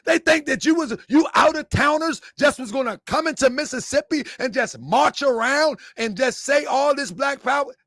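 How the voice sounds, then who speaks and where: A man with a very high voice talks in a lively, swooping way through a mocking commentary. He asks rhetorical questions and laughs often. The sound is close and dry. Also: normal speed, few pauses, no room sound. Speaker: online commentator.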